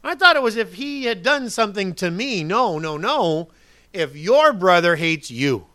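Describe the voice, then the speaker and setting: Bright, dry-voiced preacher quizzing his congregation. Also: high-pitched, big pitch swings, a little slow, no echo. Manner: conversational preaching, asks the congregation questions; swings from loud emphasis to quiet asides. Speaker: pastor. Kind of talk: sermon.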